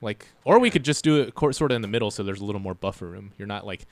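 A man's voice: on the low side, lively intonation, very fast, no echo. Easygoing young man chatting on a podcast. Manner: easygoing, chuckles a lot. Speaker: podcast co-host. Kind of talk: casual podcast chat.

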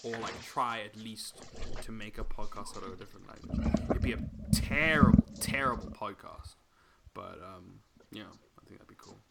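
A man's voice: on the low side, moderate pace, vocal fry, heavy background noise. A man on a podcast, chatting casually, rambling, swearing often and correcting himself, over a video call. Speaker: podcast co-host. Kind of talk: casual chat.

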